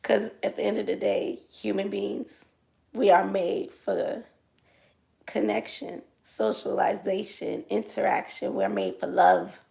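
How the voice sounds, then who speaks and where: A young adult woman, a dancer, telling a story in casual chat, colloquial and dropping into soft asides. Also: mid-range voice, a little slow, gravelly.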